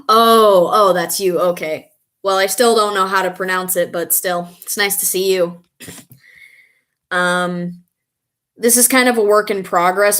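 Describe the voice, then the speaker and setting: A woman chatting casually on a live stream, reading viewer comments and reacting with excitable, frequent laughter. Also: fairly low pitch.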